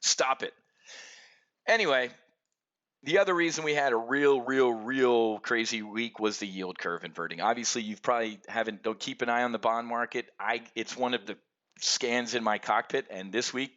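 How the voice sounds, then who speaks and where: A middle-aged man hosting an options trading show, giving a brash, energetic market commentary rant and calling out to the folks watching. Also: medium pitch, highs cut off. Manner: brash and animated, keeps addressing folks.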